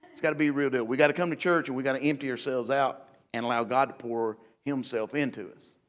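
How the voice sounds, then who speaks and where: A man's voice: mid-range voice, fairly even intonation, quick pace, in a large hall. A man preaching a conversational midweek church sermon, folksy and building to emphatic declarations. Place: church sanctuary.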